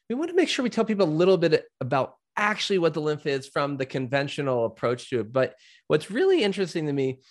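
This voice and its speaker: A man hosts the interview in a voice pitched a little above the usual. His talk is casual and chatty, full of "like" as he thinks aloud. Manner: casual and chatty, with many "like" fillers. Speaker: summit host. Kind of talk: conversational interview.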